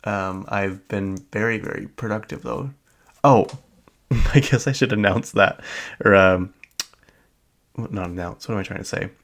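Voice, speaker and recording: A man's voice: lowish voice, measured pace, long pauses, fairly bright tone. A young adult man hosting a solo podcast, chatting casually and rambling with lots of filler words and small laughs. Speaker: podcast host.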